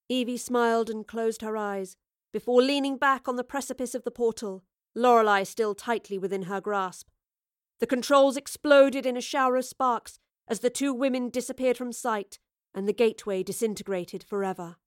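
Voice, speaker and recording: A woman reading a dramatic story aloud in measured scripted narration. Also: medium pitch, fairly even intonation, clear, resonant tone, no echo, clean studio sound. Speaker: audiobook reader.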